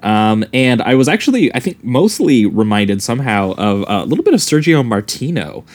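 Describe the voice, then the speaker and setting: A man's voice: mid-range voice, big pitch swings, moderate pace. A man hosting a casual podcast talk about films, speaking hesitantly with many fillers and restarts. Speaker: podcast host. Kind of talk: casual film discussion.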